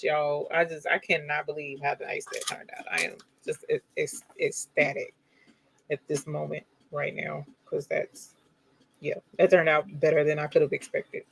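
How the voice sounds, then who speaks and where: A woman's voice: low voice, level tone, moderate pace, creaky. A woman hosting a crafting livestream, chatting casually and gushing to her viewers. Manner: gushing, addresses viewers as y'all. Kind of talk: casual live demo chat.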